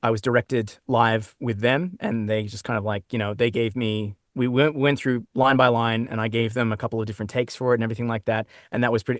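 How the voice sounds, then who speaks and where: A man with an Australian accent, chatting as a guest in an interview, talking in quick restarts and laughing easily. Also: medium pitch, no room sound, clean studio sound. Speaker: guest voice actor. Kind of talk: casual interview chat. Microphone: own microphone.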